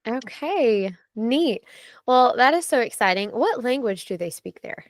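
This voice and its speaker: A woman's voice: a little high, lively intonation, a little slow, no room sound, studio quality. A woman hosting a casual podcast interview, asking questions with enthusiasm and friendly reactions. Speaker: podcast host interviewing missionaries.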